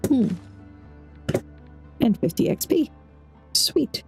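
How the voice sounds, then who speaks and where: A woman giving casual, chatty let's-play commentary as a game streamer, thinking out loud as she plays. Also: a little high, sing-song, drawn-out words, vocal fry, soft background music. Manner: chatty, thinks aloud while playing.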